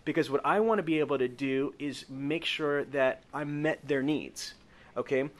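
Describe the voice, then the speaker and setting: A man's voice: fairly high pitch, moderate pace. A man running a live sales training with role-play, coaching in an emphatic way that stretches key words and keeps checking the group agrees.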